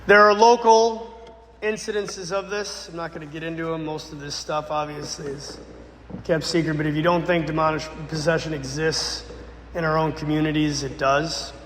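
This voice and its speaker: Priest guy preaching, goes loud then real quiet, super echoey room. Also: on the high side, fairly even intonation, moderate pace, slight background noise. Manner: dramatic storyteller, swings between loud bursts and hushed lines. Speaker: Catholic priest. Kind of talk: sermon storytelling. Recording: echoey church with long reverb.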